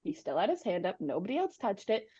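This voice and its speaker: A young adult woman, a podcast guest, telling animated sports stories in casual chat, with lots of "like". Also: medium pitch, quick pace, husky. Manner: animated, fills with "like". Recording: dull lo-fi sound.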